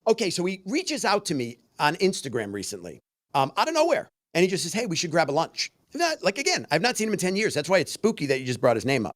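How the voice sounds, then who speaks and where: Animated storytelling man, lively pitch. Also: fast talker, no echo. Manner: animated storyteller, acts out quoted voices. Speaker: podcast co-host. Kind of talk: casual podcast chat.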